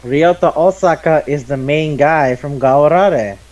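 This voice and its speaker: A man in his twenties co-hosting a casual chat podcast, excitable and quick to swear. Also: fairly high pitch, dull audio. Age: 20s. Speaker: podcast co-host. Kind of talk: casual chat about anime.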